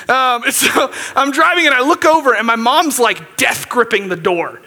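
Very high, bright-voiced man preaching. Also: animated, normal speed. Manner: conversational, often checks in with "okay?". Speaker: pastor. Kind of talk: sermon.

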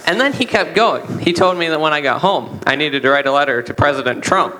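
A man's voice: a little high, a little fast, low-quality recording. A young man telling an anecdote in a church testimony, acting out the lines of the people in it. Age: young adult. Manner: animated anecdote with quoted dialogue.

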